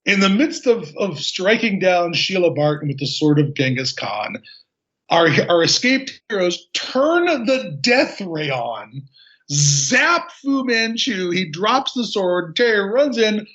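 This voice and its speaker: A man talking as a podcast guest, retelling a film with animated sarcasm. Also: high-pitched, takes it slowly. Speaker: podcast guest, game designer. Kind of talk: casual film discussion. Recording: dull lo-fi audio.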